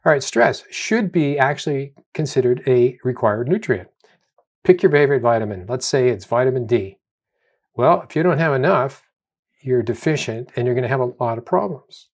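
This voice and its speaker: A man's voice: mid-range voice, lively intonation, moderate pace. A middle-aged man, a doctor, giving a spoken health lecture, emphatic and repeating key phrases for stress. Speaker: doctor presenting a health video.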